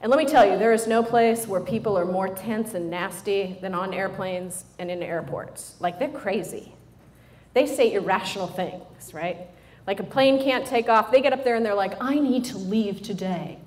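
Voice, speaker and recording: A middle-aged woman giving a humorous motivational talk to a live audience, animated and joking as she speaks straight to the listeners. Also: medium pitch, moderate pace. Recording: roomy hall sound with faint noise.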